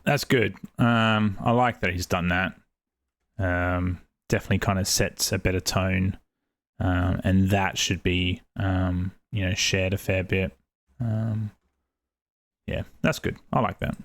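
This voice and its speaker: A man hosting a political reaction video, talking casually and hesitantly with many pauses as he thinks aloud. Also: deep voice, steady tone, dry recording. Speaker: political commentary host.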